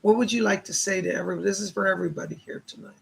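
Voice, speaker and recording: A man's voice: sits high, fairly even intonation, racing, poor audio. A man giving live psychic readings, relaying spirit messages with constant "she said" tags. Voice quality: gravelly, husky. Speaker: psychic medium.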